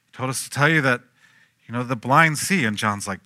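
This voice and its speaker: A man preaching a sermon, telling stories with lively acted-out voices and swinging from hushed to loud. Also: medium pitch, brisk, pauses often, no echo, clean studio sound. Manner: animated storytelling, acting out quoted voices, swinging from hushed to loud. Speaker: pastor.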